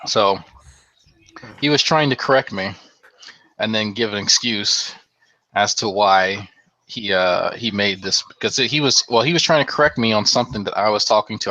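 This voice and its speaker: Low bright-toned man in casual chat. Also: dry recording, poor audio. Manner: casual, swears, reads out comments. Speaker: channel host. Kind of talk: casual group video chat.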